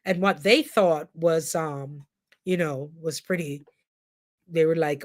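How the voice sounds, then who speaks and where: Animated woman chatting on a livestream. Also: low voice, takes it slowly. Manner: animated, laughs often, speaks straight to viewers. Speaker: host; nurse and coach. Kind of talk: casual livestream talk to viewers. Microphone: computer mic on a live stream.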